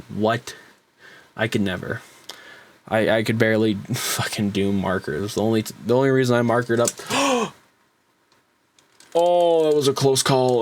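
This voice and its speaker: A young man rambling in a casual show-and-tell vlog, swearing a lot and getting excited as he talks. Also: fairly low pitch, slight background noise. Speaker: hobby vlogger.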